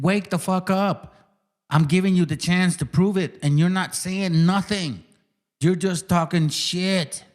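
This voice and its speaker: Host, male, heated rant; aggressive, mocking delivery in a slightly raised voice. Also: a little high. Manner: combative, profane, mocking. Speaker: channel host.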